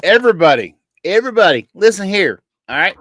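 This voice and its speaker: A folksy country man with a thick Kentucky drawl, put on by a host hands out homespun advice like a sermon. The voice sits a little high and drawls along. The sound is dry and close. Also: very animated, brisk, fairly bright tone, no echo, full character voice.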